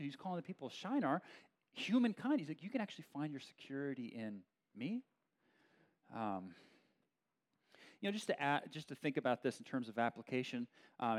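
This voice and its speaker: Pastor, man, middle-aged; higher-pitched, animated and conversational, lots of restarts. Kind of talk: sermon. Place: church meeting room with a live audience.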